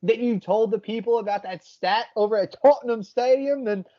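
Man, sports betting podcast host, brash and profane, fairly high voice, slightly dull lo-fi sound. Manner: brash, swears freely, quick picks talk. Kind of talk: casual sports betting chat.

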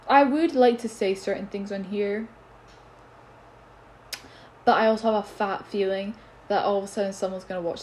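A woman's voice: medium pitch, a little mellow, slight background noise. A teenage girl hosting a solo podcast, ranting bluntly and swearing in a casual, exasperated way.

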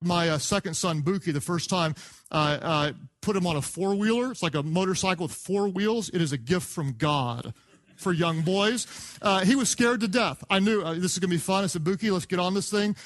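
A man preaching a sermon, an animated storyteller who acts out the voices of the people in his stories. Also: high-pitched, brisk. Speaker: pastor. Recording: sermon clip played from archive.

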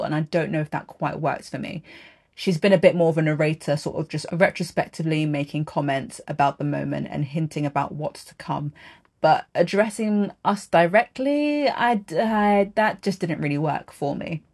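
A woman's voice: deep voice, darkish tone, slightly rough. A woman hosting a podcast and giving a frank, opinionated review of a TV drama episode in a casual solo monologue. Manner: frank, opinionated, wry with light laughs.

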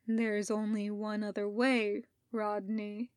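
A woman's voice: fairly high pitch, slow pace, no echo, clean studio sound. A woman voicing a menacing male Sith lord who mocks and coaxes in a fan audiobook reading. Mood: coaxing. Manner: mocking, coaxing.

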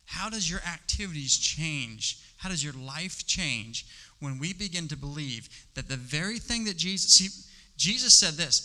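A middle-aged man preaching a sermon, stressing some words loudly and dropping to a hush on others. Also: on the high side, animated, normal speed. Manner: emphatic, swings between loud stresses and hushed asides. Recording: long reverb of a large hall.

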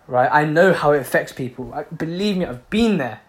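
A man's voice: on the high side, lively intonation, brisk. Fervent, swearing motivational man. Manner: emphatic, repetitive, swears freely. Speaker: motivational speaker. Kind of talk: passionate motivational talk.

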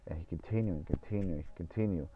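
Low-voiced man telling a rambling story. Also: fast, slightly rough. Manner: rambling, repeats himself, swears often. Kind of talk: casual storytelling monologue. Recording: tinny phone-like audio.

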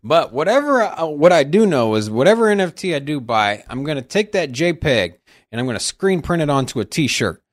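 A man's voice: on the high side, sing-song, fairly quick. A man co-hosting a casual podcast, blunt and argumentative, laughing easily. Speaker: podcast co-host.

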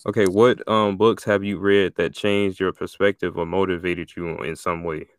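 A man with a very low voice hosts a casual podcast interview. He chimes in with easy, affirming agreement and asks his questions unhurriedly. The sound is close and dry. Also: no room sound. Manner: relaxed, affirming, drawn-out agreement. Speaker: podcast host. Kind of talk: casual chat.

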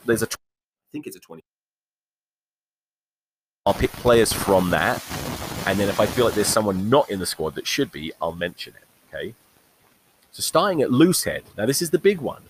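A man's voice: medium pitch, husky. A man hosting a solo podcast, talking rugby in a blunt, sweary, rambling way, recorded on a crackly faulty mic. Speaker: podcast host. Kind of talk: casual solo rugby chat.

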